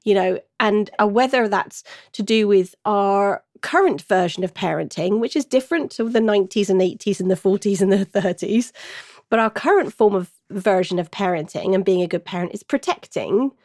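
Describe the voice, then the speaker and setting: Woman podcast host, thoughtful and measured, dry close sound. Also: medium pitch, a little mellow, no echo. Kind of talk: reflective interview talk.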